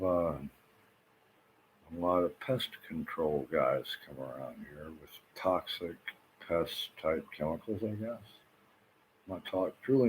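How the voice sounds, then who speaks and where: Man, very low voice, agitated and rambling, swears a lot, faint hiss behind. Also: low-quality recording. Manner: restless, repeats himself, swears often. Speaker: vlogger. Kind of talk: rambling agitated monologue to camera.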